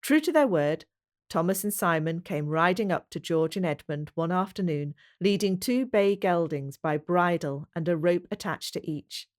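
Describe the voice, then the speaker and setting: A woman reading a historical novel aloud as audiobook narrator, measured and even. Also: fairly low pitch. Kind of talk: storybook narration.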